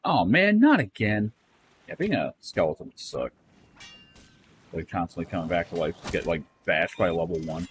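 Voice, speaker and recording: A man's voice: sits low, steady tone, moderate pace, background noise. A man casually commenting while he plays a game, thinking aloud and reading game text. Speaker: streamer.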